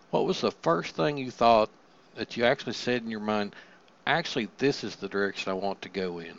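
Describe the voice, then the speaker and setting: A man interviewing, asking long, measured, wordy questions. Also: on the low side. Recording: dull lo-fi with faint background noise.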